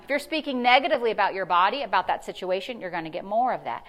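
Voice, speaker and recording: A woman pastor preaching a sermon, animated and conversational, asking the congregation questions. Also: mid-range voice, very fast, hardly any pauses. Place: church service.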